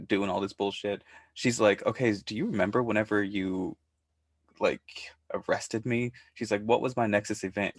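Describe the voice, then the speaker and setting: Man, podcast co-host, lowish voice, animated recapping, dry sound. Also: dry recording. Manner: animated, retells scenes with quoted voices. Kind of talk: casual recap chat.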